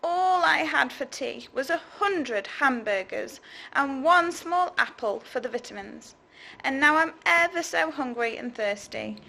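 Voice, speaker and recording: Storybook creature, male, whiny and demanding, voiced by a woman; high and bright, slow and grumbling. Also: expressive, vocal fry, full character voice, rough recording. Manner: grumbling, pleading, sickly complaining. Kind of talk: storybook read-aloud.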